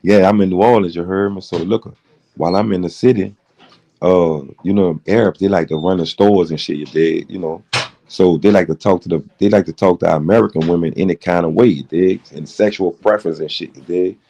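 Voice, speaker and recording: A man's voice: low voice, steady tone, brisk, mellow, dull audio. A middle-aged man hosting a late-night livestream, rambling through a heated, profane story. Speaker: livestream host.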